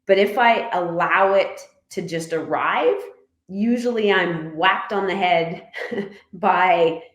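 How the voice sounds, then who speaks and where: A woman from Canada, a podcast guest, telling stories in a lively, animated way and laughing often. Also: on the low side, slow. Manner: animated storyteller, laughs often, voices others in her anecdotes. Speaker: guest, former motorcycle racer and writer. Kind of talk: casual podcast storytelling. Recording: roomy, echoey room.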